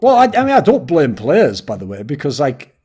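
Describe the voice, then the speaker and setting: A man's voice: on the high side, a little fast, breathy edge. A man hosting a casual esports round-table discussion, telling stories with boastful, swearing banter. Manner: animated storytelling with quoted voices.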